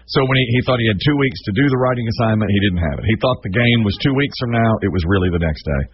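A male radio host telling a casual on-air story, quoting people in high, excited voices. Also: very fast, husky. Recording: dull lo-fi radio broadcast.

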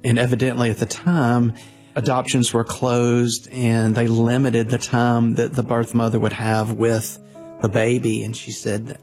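A man, a minister earnestly telling his own story, halting often and restarting. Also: mid-range voice, darkish tone. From Louisiana, USA. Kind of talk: personal storytelling.

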